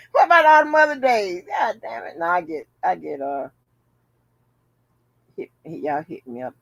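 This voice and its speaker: A woman's voice: mid-range voice, unhurried, creaky, long pauses, fairly bright tone, no room sound. A woman hosting a casual commentary vlog, chatting bluntly and jokingly to her viewers with plenty of profanity. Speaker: channel host.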